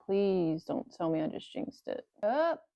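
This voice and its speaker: Working on a motorcycle in a chilly garage, this vlogger chats casually to the camera with cold hands, muttering, swearing and joking sarcastically to herself. Her mid-range voice is very animated at a measured pace; the recording is muffled but has no echo.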